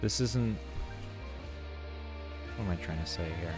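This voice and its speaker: A man's voice: lowish voice, a little slow, over loud music. A young man live-streaming, chatting casually and rambling through a story with little chuckles.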